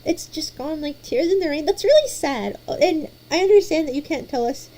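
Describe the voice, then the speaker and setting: A woman hosting a casual chat, playful and animated, often stumbling over repeated restarts. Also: high voice, fairly quick. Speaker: host.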